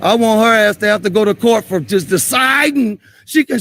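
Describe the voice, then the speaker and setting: Fiery, gravelly New man. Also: high-pitched, lively intonation, moderate pace, few pauses. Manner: angry, profane, repeats himself, shouts at times. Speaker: man confronting police on video. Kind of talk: heated street confrontation.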